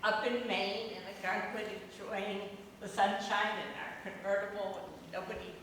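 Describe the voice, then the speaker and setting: A woman in her seventies telling a personal story to an audience in a warm, reminiscing way. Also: mid-range voice, fairly even intonation, moderate pace, slight background noise. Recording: echoey hall from far off.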